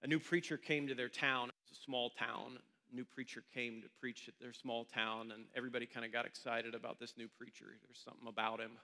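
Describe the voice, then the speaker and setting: A man's voice: mid-range voice, little pitch movement, a little fast, hardly any pauses, sharp tone, long reverb tail. A male pastor telling a story during a sermon in a church meeting room, in a loose, conversational way.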